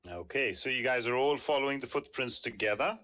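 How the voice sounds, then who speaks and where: A man running a tabletop game as game master on a live stream, relaxed and hesitant, with many ums. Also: medium pitch, a little fast.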